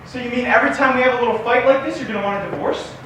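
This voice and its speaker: A man's voice: very high-pitched, racing, bright, forceful tone. A young man playing a tired, exasperated young husband who is a lawyer, speaking in a dry, weary way with sighs. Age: young adult. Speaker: student actor. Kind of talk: stage acting in a class play. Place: classroom stage. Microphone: distant camera. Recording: echoey room from far off, faint noise.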